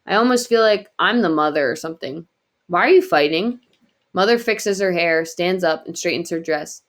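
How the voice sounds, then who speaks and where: A woman reading a novel aloud in quiet, earnest first-person narration. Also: fairly low pitch, a little fast. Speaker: audiobook reader.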